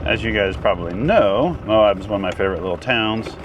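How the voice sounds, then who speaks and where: A man's voice: fairly low pitch, expressive, a little fast, background noise. A man chatting casually to camera on a road trip vlog, rambling and upbeat. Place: in a truck and outdoors.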